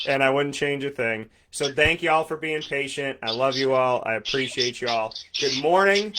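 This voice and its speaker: A man's voice: mid-range voice, moderate pace, few pauses, bright, forceful tone, slight background noise. A man in his thirties from upstate New York hosting a morning sports talk show, upbeat and effusive, repeating words for emphasis. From Syracuse, New York. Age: 30s. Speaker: sports radio host.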